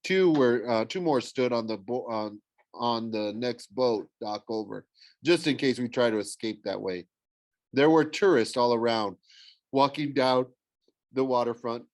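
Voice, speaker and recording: A man's voice: mid-range voice, no room sound. A man narrating a novel in the first person, stumbling and correcting himself now and then. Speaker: audiobook reader.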